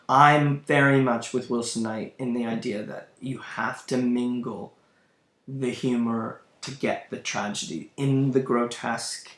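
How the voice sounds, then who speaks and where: A man's voice: medium pitch, a bit bright. A man teaching a lesson on a play, thoughtful and musing with emphatic bursts. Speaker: literature teacher. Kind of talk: lecture on a play. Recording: roomy room, faint background hum.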